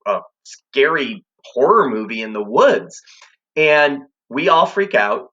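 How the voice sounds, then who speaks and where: A man's voice: mid-range voice, bright, forceful tone, dull audio. A man teaching a class, telling a suspenseful personal story in a conversational way.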